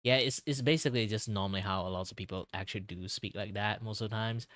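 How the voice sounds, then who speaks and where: A man's voice: lowish voice, fast talker, a bit bright, no room sound. A man from Malaysia hosting a casual art stream chat, rambling with lots of "like" and restarts. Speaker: streamer host.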